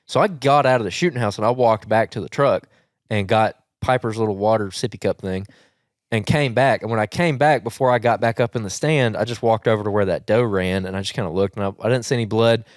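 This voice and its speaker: A man with a Southern US accent hosting a podcast, telling a hunting story in rambling, animated casual chat with frequent laughs. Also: fairly low pitch, fast talker, dry recording, studio quality. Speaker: podcast host.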